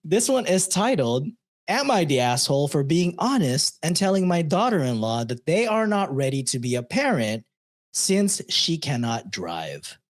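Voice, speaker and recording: A man's voice: fairly high pitch, sing-song, normal speed. A man co-hosting a live podcast, chatting casually with lots of swearing and reading an online story aloud. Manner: loose, swearing, reads in a chatty tone. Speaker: podcast co-host reading stories.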